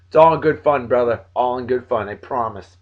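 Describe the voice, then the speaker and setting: A man in his forties, worn out but friendly, runs through shout-outs to his friends in a casual, joking way. He jumps from loud outbursts to low mumbles. The audio is a bit dull and lo-fi. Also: fairly quick. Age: 40s. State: tired. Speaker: video blog host.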